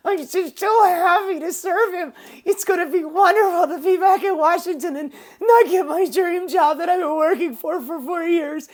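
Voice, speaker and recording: A woman's voice: extremely high pitch, moderate pace, hardly any pauses, pitched above the performer's own voice. A woman putting on a mock-cheerful female politician, sugary and over the top with sarcastic enthusiasm. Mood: mock gushing.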